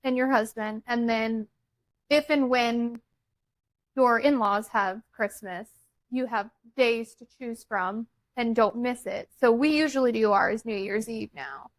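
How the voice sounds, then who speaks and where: Middle-aged woman podcast host, high bright voice, chatty storyteller, dry close sound. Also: slow pace, no echo, low-quality recording. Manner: chatty, teasing, retells stories with quoted dialogue. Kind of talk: casual chat.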